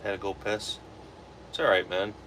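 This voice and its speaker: Young Wisconsin guy, low voice, rambling livestreamer talk, steady background noise. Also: moderate pace, poor audio. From Wisconsin, USA. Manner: relaxed, rambling, answers chat comments. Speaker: livestream host. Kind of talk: casual livestream chat while reloading ammo.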